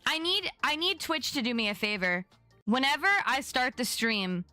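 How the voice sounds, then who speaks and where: A woman's voice: sits high, big pitch swings, normal speed, sharp tone, dry recording, faint music behind. A young adult woman chatting casually on her live stream, bubbly and chatty as she greets viewers by name.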